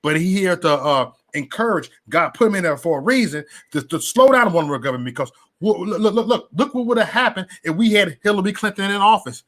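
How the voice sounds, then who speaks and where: A man talking casually about politics and faith, animated and preachy, with many restarts and slangy asides. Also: sits high, brisk, few pauses. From West Side of Chicago. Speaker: political commentator. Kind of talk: casual opinion vlog.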